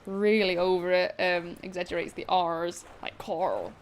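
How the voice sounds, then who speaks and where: A woman from England with a northern English accent, chatting casually with viewers while playing a game, rambling and quick to laugh. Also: on the low side, flat delivery, slight background noise. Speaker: gaming streamer.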